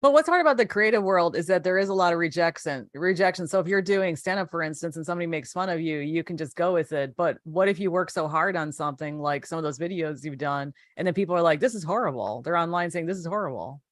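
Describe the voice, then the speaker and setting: A woman hosting an interview, asking quick, probing questions in a casual conversation. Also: fairly low pitch, no echo. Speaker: interview host.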